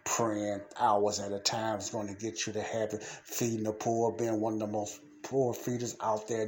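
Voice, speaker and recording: A man hosting his own podcast, talking in a fervent, repetitive way that moves between heated ranting and quiet, earnest preaching. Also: fairly low pitch, slight background noise. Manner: fervent, repetitive, shifts from ranting to soft pleading. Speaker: podcast host. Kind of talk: casual preaching monologue.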